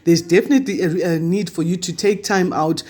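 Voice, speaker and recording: A man's voice: high voice, steady tone, a little fast, a little mellow. A man giving a weekly tarot reading to camera, chatty and reassuring as he passes on spiritual guidance. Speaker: tarot reader.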